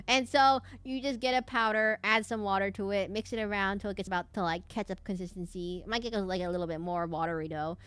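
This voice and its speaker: A woman's voice: mid-range voice, a little fast, hardly any pauses, a bit bright, clean tone, no echo. A young woman streaming a game and chatting casually, rambling off on tangents with lots of fillers and restarts. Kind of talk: casual gameplay stream chat.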